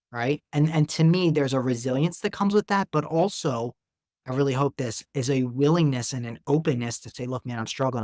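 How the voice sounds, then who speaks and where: A man's voice: medium pitch, no room sound. Guy in his 30s on a podcast, earnest chatty talk, keeps saying man and right, dry close sound. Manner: earnest and conversational, says "man" and "right?" often. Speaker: psychiatrist guest. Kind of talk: casual interview talk.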